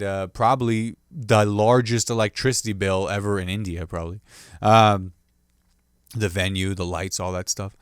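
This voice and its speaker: A male comedian hosting a solo podcast, riffing on the news in a loose, joking way and dropping into playful voices when he quotes people. His voice is smooth and resonant. The sound is dry and close, with no room around it. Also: lowish voice, dry recording.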